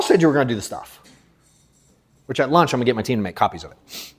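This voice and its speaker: A man in his thirties running a live sales coaching session, blunt and profane, moving between forceful emphasis and low, quiet asides. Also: expressive, fast, long pauses, breathy edge.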